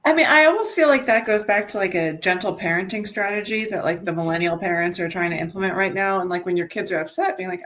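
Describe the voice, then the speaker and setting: A woman co-host talks in a loose, conversational podcast style. She is chatty and animated, with laughter sprinkled through her speech. Her voice sits at an ordinary middle pitch. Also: a little fast. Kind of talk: casual podcast chat.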